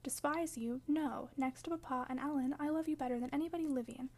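A woman voicing an impulsive, warm-hearted teenage girl in an audiobook, earnest and pert and quick to flare up. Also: high voice, lightly acted. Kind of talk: audiobook character reading.

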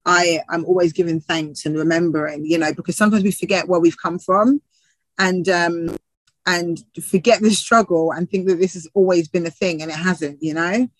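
A woman's voice: on the low side, steady tone, normal speed, no echo, rough recording. A woman TV presenter and actor from the UK, chatting in an interview with frequent laughs and restarts. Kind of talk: casual interview chat.

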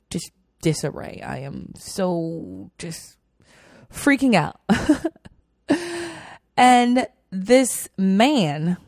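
A young woman telling a personal story in a chatty, animated way, full of fillers. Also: lowish voice, dry recording, clean studio sound. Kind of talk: casual storytelling.

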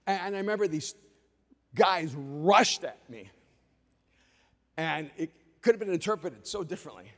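High-voiced pastor preaching in a hall. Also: male voice, normal speed, long pauses. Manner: storytelling, animated. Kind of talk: sermon with personal stories. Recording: long reverb of a large hall.

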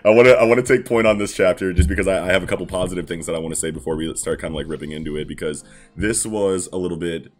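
Casting: deep-voiced young man, laid-back podcast co-host, casual and profane, faint music under. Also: fast. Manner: laid-back, swears freely, lots of fillers and laughs. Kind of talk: casual chat about manga.

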